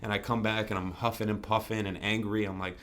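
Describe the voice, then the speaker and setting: Earnest man with a low voice. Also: level tone, fast talker, a bit bright. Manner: earnest, repeats himself, frequent "you know"; swears casually. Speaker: podcast guest. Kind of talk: candid interview conversation.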